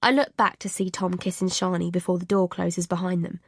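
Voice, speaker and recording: A woman's voice: on the low side, little pitch movement, brisk, slightly rough, no echo, clean studio sound. Woman narrating an anxious first-person thriller. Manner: anxious, confessional inner voice. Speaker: audiobook narrator.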